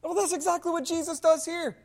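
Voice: very high voice, steady tone, fairly quick, darkish tone. A pastor preaching a sermon to a congregation, asking them rhetorical questions and adding sarcastic asides. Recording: long hall reverb.

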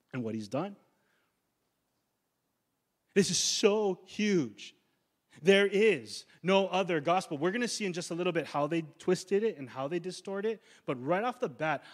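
Slangy, emphatic male pastor. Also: on the high side. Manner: casual slangy preaching, rising to emphatic declarations. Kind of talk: sermon.

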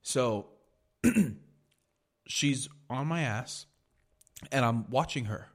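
A man's voice: mid-range voice, extremely slow. A man hosting a podcast, telling a heated, profanity-filled story in a casual rant. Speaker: podcast host.

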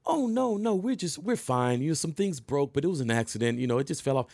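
A man mimicking a drunk, hot-tempered young woman who switches to sugary politeness, in a shrill, exaggerated voice. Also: lively intonation, fast, gravelly, darkish tone, no echo, studio quality, heavily acted.

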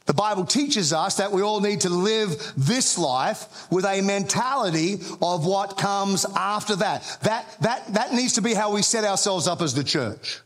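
Man, pastor, sermon, high voice, funny stories, stumbling restarts. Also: a bit bright. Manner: humorous storytelling with frequent restarts; builds emphasis when quoting scripture.

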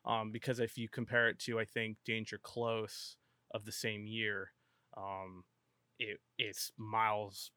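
A man's voice: on the low side, little pitch movement, takes it slowly, bright, forceful tone, clean tone, dry recording. A man co-hosting a podcast, rambling and correcting himself as he talks. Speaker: podcast co-host. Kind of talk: casual chat.

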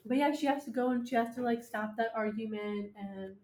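Higher-voiced young woman in an echoey room. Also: a little fast, a little mellow. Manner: casual, retells the plot with many fillers. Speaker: podcast co-host. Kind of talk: casual book chat.

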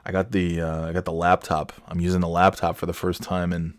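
Low-voiced sarcastic rambling man. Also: little pitch movement, fairly quick, no echo, clean studio sound. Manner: sarcastic, rambling, many fillers and restarts. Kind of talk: casual solo monologue.

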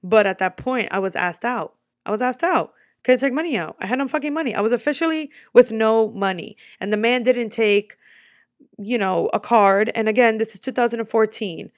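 A young woman from the United States telling a personal story to her viewers in a casual vlog, animated and quick, swearing freely. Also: on the high side, dry recording, studio quality. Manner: animated, swearing, talks fast in bursts. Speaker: vlogger.

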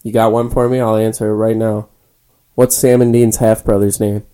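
A man's voice: lowish voice, little pitch movement, normal speed, dark tone, smooth. A young man co-hosting a casual podcast from a spare room, laid-back and swearing freely. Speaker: podcast co-host. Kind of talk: casual chat. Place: small spare room used as a home studio.

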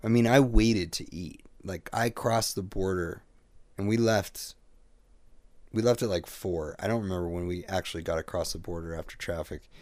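A young man hosting a podcast, casual chat, telling animated stories and swearing freely. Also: sits low, normal speed, dry recording. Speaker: podcast host.

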